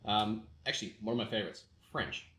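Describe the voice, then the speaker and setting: A man's voice: lowish voice, fairly even intonation, a little fast, sharp tone. A man from New Zealand, a tattoo artist chatting casually and jokingly while he works. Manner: playful, jokey, slips into put-on accents. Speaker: tattoo artist, podcast host. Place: tattoo studio. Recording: echoey studio room.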